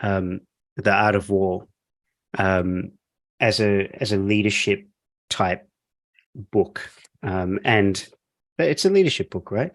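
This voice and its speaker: A man's voice: lowish voice, slow pace, long pauses, dry recording. A man hosting a podcast interview, chatty and joking with lots of fillers. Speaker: podcast host. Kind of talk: casual interview chat. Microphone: podcast microphone.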